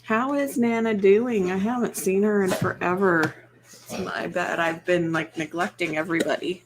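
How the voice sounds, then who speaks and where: A young woman chatting casually and rambling a little, soft-spoken and quick to laugh. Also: medium pitch, steady tone, a little hiss or hum. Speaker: ASMR channel host. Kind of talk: casual chat on a livestream.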